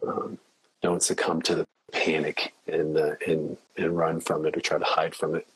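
A man's voice: extremely low pitch, monotone, normal speed, fairly bright tone, breathy edge, no room sound, low-quality recording. A man who is a podcast guest, talking in an earnest, reflective way and laughing easily. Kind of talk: casual interview chat.

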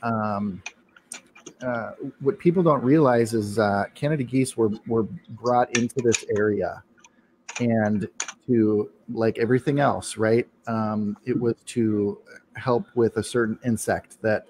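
A man co-hosting a casual podcast, telling a long story with many ums and pauses. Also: fairly low pitch, steady tone, darkish tone, a little hiss or hum. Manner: hesitant, many ums, laughs often. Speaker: podcast co-host. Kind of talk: casual chat, rambling anecdote.

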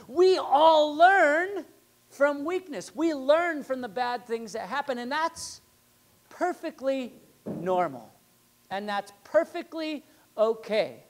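Conversational man preaching a sermon. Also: very high voice. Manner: conversational preaching with rhetorical questions. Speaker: pastor.

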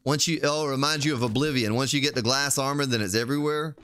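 A man's voice: mid-range voice, fast, a bit bright, slight background noise. A man streaming a game, chatting casually and thinking aloud as he plays. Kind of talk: casual gameplay commentary.

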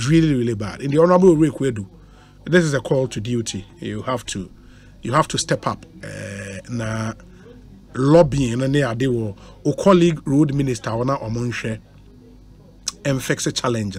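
A man's voice: medium pitch, normal speed, breathy edge. A Ghanaian man hosting a radio talk show, mixing Twi and English and reading out listener messages. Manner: reads out listener messages, animated and laughing. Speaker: radio host. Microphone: studio microphone.

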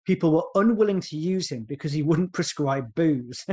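A man's voice: fairly high pitch, lively intonation, darkish tone. A man co-hosting a comedy podcast, joking and sarcastic as he reads from his notes. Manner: jokey, sarcastic, breaks into quick silly voices. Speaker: podcast co-host. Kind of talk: casual comedic podcast chat.

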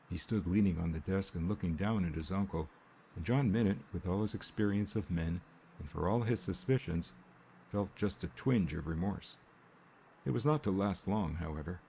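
A man narrating an audiobook in a steady, unhurried storytelling manner. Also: deep voice, vocal fry, slight background noise. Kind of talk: scripted narration. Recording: faint rain ambience behind.

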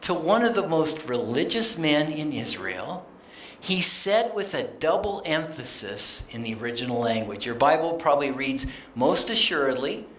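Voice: medium pitch, fairly bright tone, a little hiss or hum. A guest speaker giving a conversational sermon in a church sanctuary, plainspoken and quoting scripture, talking straight to the congregation. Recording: roomy church acoustics.

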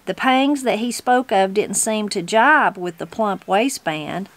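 A woman's voice: mid-range voice, measured pace, no echo. A woman, reading a novel aloud as host of her channel. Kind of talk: storybook reading.

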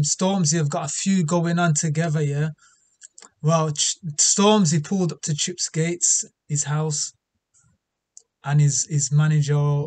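Excitable high-voiced man. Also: dry recording. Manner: excitable, slangy, quick bursts of exclamation. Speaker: reaction video host. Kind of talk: casual music reaction commentary.

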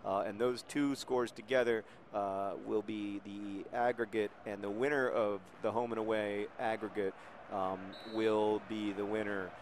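A man giving casual, rambling gameplay commentary with jokey deadpan asides. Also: lowish voice, measured pace, slight background noise. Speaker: video game commentator.

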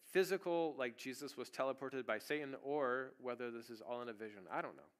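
A man preaching a sermon in a church at a medium pitch. He tells the story in a casual, chatty way and often jumps into loud, emphatic bursts. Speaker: pastor. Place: church sanctuary.

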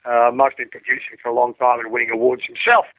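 A man's voice: mid-range voice, little pitch movement, fast talker, no room sound. A man in his sixties with an Australian accent, a rock singer giving an interview, talking in a laid-back, rambling way with many fillers and restarts. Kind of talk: casual interview chat. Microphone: telephone. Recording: dry tinny phone line.

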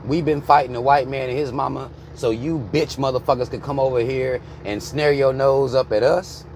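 This American man in his thirties vlogs from inside a car, ranting bluntly and heatedly with plenty of profanity. His mid-range voice is steady and a little mellow, moving at normal speed, with a faint hiss or hum in the recording.

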